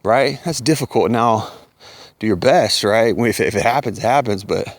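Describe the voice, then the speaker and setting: A man's voice: on the low side, moderate pace, no echo. A middle-aged man ranting bluntly to camera, scornful and profane, sometimes mocking the voices of other people. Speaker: commentator.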